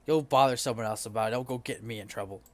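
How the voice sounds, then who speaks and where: A man voicing a surly minotaur in a tabletop game, gruff and dismissive. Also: medium pitch, very fast, lightly acted. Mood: suspicious. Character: surly male minotaur tavern-goer, suspicious.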